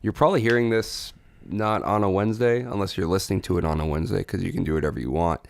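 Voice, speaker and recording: A man's voice: deep voice, fairly even intonation, fast, vocal fry. A man co-hosting a podcast, chatting casually and joking, laughing often. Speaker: podcast co-host. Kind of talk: casual comedic chat.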